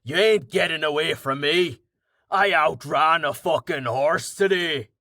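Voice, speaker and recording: A man voicing a big, gruff, crude brawler in an audiobook, talking with casual swagger. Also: on the high side, measured pace, bright, forceful tone, dry recording, clean studio sound, voice pushed up.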